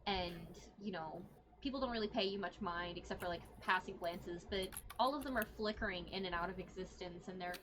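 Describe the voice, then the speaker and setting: A woman's voice: on the low side, brisk. Woman GM, casual rambling narration, slight background noise. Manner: rambling, many fillers. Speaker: game master. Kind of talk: narrating a tabletop game.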